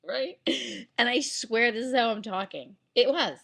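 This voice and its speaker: Animated laughing woman telling a story. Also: on the high side, a little slow. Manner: animated, keeps laughing through her story. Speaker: vlogger. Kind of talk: casual storytelling to camera.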